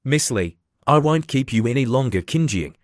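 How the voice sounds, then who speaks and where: A man's voice: medium pitch, animated, normal speed, dry recording, clean studio sound, natural voice. A man voicing a strict, formal middle-aged mother.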